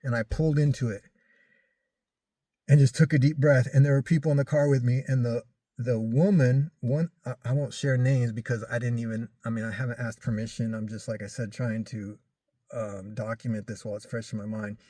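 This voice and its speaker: A man casually recounting a personal story in halting speech, full of restarts and fillers. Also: medium pitch, steady tone, dark tone, no echo. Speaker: vlogger recounting a crash.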